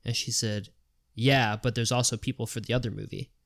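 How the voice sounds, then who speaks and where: Podcast host, male, casual storyteller, lively quoting of others. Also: mid-range voice, brisk, creaky. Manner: animated retelling with quoted voices, swearing.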